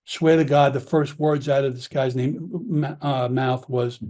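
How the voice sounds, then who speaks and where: A man's voice: mid-range voice, steady tone, measured pace, dark tone. A middle-aged man, a former police officer telling his story in an interview, emotional and profane, acting out the people he quotes. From Long Island, New York.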